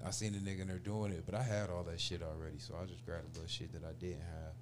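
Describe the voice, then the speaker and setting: Speaking fast and low over background noise, a forty-something man delivers a long story in casual conversation. Slang and swearing run throughout, and he plays out the voices of the people involved.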